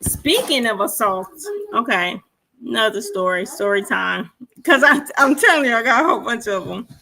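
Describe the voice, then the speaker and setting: A woman's voice: on the high side, expressive, moderate pace, creaky, pushed and bright. A woman in her forties, a podcast co-host, telling stories animatedly and swearing freely as she acts out the dialogue. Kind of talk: casual storytelling chat.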